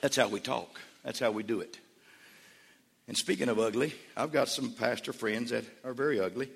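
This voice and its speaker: A man's voice: medium pitch, normal speed, gravelly, a little hiss or hum. A man pastor preaching a sermon in a church, emphatic and repetitive. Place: church sanctuary. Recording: long church reverb.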